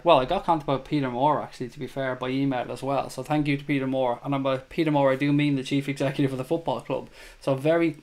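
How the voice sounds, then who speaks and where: A man hosting a fan chat show livestream, talking casually and with feeling to his viewers and reading out their comments. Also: medium pitch. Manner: chatty, emotional, reads viewer comments aloud.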